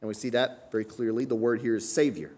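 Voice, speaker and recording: A man's voice: medium pitch, fairly even intonation, fast, a little mellow. A man preaching a sermon in a conversational teaching manner, often tagging points with a questioning aside and lifting his voice on key phrases. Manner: conversational teaching, frequent "right?" tags, rising emphasis on key phrases.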